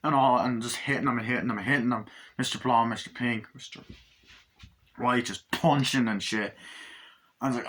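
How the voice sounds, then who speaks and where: A man talks through a film he loves in a loose, rambling way, full of fillers and swearing. His voice sits at an ordinary pitch with a bright, forward edge. He keeps breaking into the film's lines as he retells the plot. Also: brisk, slightly rough. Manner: retells scenes by acting out lines in raised, shouty voices, heavy swearing. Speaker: movie reviewer. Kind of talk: casual spoken movie review.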